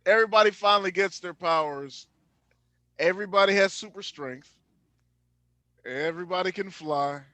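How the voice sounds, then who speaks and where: Bright, high-voiced man co-hosting a podcast. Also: moderate pace, pauses often, no room sound. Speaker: podcast co-host. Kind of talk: casual podcast chat.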